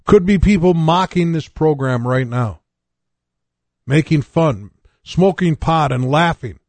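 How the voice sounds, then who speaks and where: A man's voice: fairly high pitch, animated, slow, darkish tone, no room sound. An older man from North Dakota preaching a radio sermon, telling his own testimony and reading scripture in an earnest way.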